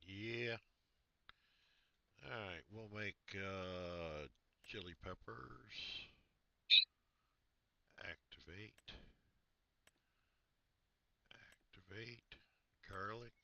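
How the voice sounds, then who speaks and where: A man streaming a farming game, talking casually through his in-game choices with halting restarts. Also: low-pitched, creaky, sharp tone, muffled recording, slight background noise. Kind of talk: casual gameplay chat.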